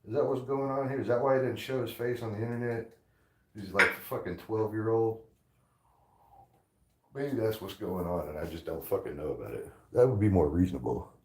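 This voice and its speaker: Man, very deep voice, furious profane rant, echoey room. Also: brisk. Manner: insulting, aggressive, repetitive. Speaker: streamer ranting at a commenter.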